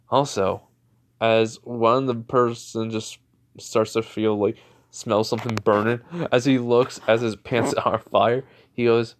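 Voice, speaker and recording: A young man making up a fan story on the fly, rambling and full of fillers. His voice sits at a middle pitch, casual and unpolished. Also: flat delivery, measured pace. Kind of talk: improvised story narration.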